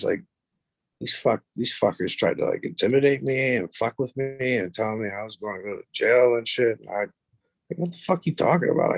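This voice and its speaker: A man's voice: on the low side, gravelly, husky, dry recording. A man in his thirties, a podcast guest, telling a story casually with lots of swearing and rambling asides. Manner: profane, rambling, animated retelling.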